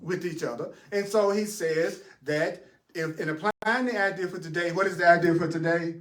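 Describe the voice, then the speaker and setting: A man teaching a spiritual class in an animated way, asking rhetorical questions, answering them himself and chuckling often. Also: high-pitched, moderate pace. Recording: roomy sound from a distant mic.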